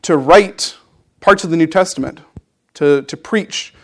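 A man with a somewhat high-pitched voice delivers a sermon, reading scripture aloud and then explaining it. His teaching is conversational, dotted with small fillers and restarts as he works through the passage. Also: unhurried. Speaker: preacher.

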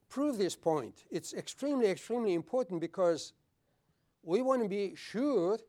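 A man preaching a sermon, earnest and repeating his words, at times dropping low and soft for solemn points. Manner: earnest, repeats words, clears throat often.

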